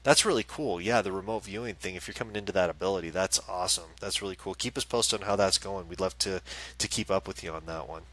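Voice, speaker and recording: A man's voice: sits low, fast talker, a bit bright, rough recording. A man hosting a casual live show as a psychic medium, chatting and reading out viewer comments. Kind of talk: casual livestream chat.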